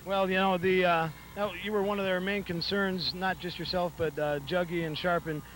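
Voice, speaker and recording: A man doing postgame sideline interviews at an outdoor football field, talking in halting, rambling bursts. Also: high-pitched, little pitch movement, fairly bright tone, a little hiss or hum, poor audio. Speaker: sideline reporter interviewing coaches.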